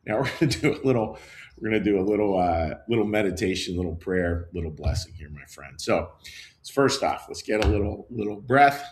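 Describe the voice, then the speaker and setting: A man giving a casual, conversational sermon from his college office and then leading a quiet meditation and prayer, with many fillers and restarts. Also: fairly low pitch, expressive, fairly quick, slight background noise. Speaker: pastor.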